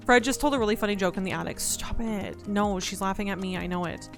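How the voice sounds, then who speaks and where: A woman's voice: medium pitch, fast, vocal fry, few pauses, music in the background. A woman streaming live, chatting in a playful, joking way and thanking her donors. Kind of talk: casual live-stream chat.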